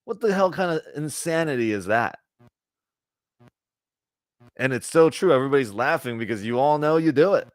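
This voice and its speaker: A man's voice: fairly high pitch, lively intonation, normal speed, pauses often, no room sound, clean studio sound. A man giving a conversational spiritual talk to a group, often checking in with "right?" and acting out little bits of dialogue. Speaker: spiritual teacher.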